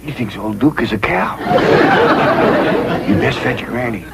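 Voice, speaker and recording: A drawling Southern country patriarch. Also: male voice, mid-range voice, big pitch swings, slow, a loud crowd. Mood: wry. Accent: rural Southern US. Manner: folksy, drawling. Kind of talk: 1960s sitcom acting. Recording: loud laugh track and hiss.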